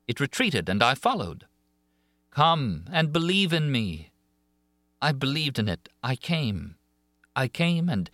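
A man's voice: on the high side, fairly bright tone, no room sound, studio quality, pitched above the performer's own voice. A man reading an audiobook of a classic novel, voicing a haunted, pleading young woman singer with emotive swings of feeling. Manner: emotive, rising and falling with feeling.

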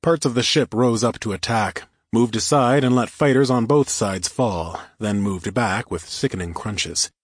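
A male audiobook narrator telling a first-person action story in a steady, even way. His voice sits fairly low with a husky, breathy grain. The recording is close and dry. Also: a little slow, hardly any pauses, no echo.

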